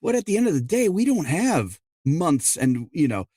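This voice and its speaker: A middle-aged man, an audiobook narrator and dialect coach, answering interview questions in an explanatory way, often quoting people in quick asides. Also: on the high side, big pitch swings, warm tone, husky, no echo, studio quality.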